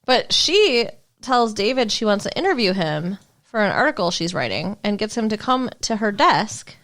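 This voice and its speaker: A woman's voice: mid-range voice, sing-song, normal speed, fairly bright tone. A woman co-hosting a podcast, recapping a TV episode in chatty, sarcastic casual talk with lots of "like". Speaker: podcast co-host.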